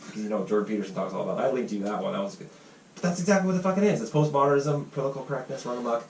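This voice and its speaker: A man hosting a casual podcast, telling a heated story fast, quoting others and swearing freely. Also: mid-range voice, a little hiss or hum. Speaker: podcast host. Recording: roomy, distant mic with faint ambience.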